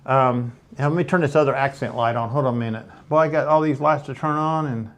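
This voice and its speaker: An older man from East Tennessee with a Southern American accent, hosting a casual live stream from his home studio in a folksy, rambling way. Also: mid-range voice. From East Tennessee, USA. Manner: folksy, rambling, unhurried asides.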